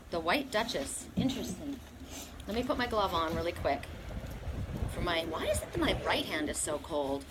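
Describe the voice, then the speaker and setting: A middle-aged woman reads oracle cards outdoors, her voice earnest and encouraging with emphatic bursts of excitement. She talks into a camera mic with faint noise behind her. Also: fairly low pitch. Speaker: oracle card reader. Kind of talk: outdoor tarot-style card reading. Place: outdoors in the cold by an inn.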